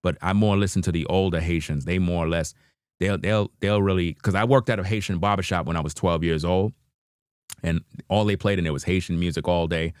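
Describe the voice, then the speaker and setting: Deep-voiced New man chatting. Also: steady tone, fairly quick, a little mellow, clear, resonant tone, no room sound, studio quality. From New York. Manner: laid-back slang, frequent "you know what I mean", chuckling. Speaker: livestream host reacting to videos. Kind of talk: casual livestream chat.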